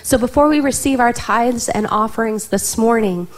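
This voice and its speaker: Woman pastor introing the next preacher, a bit high-voiced, upbeat and quick. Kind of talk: church service introduction. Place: church.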